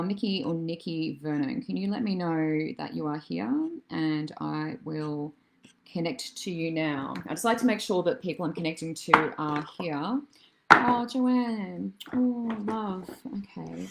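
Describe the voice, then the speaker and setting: A woman as a psychic medium doing a live-stream reading. She chats with viewers, calls them darling and love, and wanders through her thoughts with soft fillers. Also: fairly low pitch, very noisy. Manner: chatty and meandering, many soft fillers.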